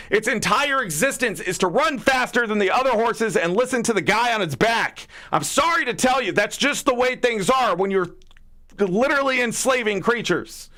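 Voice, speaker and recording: High, lively, bright-voiced ranting man. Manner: profane, heated ranting with rhetorical questions. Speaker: livestream gaming host. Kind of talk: casual livestream rant.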